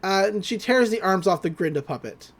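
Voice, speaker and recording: Podcast host, casual recap, very lively pitch, rambling, laughs a lot. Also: fairly quick.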